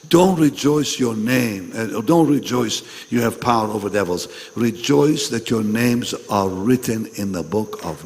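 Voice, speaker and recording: Slow preacher with a strained voice in a hall. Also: male voice, on the low side. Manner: swings from loud calls to hushed, breathy asides. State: recovering from a lost voice. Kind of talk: sermon to pastors. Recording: long hall reverb.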